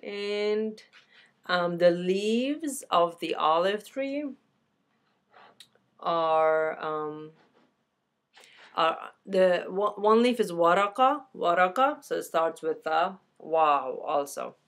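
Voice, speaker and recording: Slow, low-voiced woman teacher for a beginner lesson. Repeats every word twice, relaxed and chatty. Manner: casual, self-correcting. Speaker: Arabic teacher.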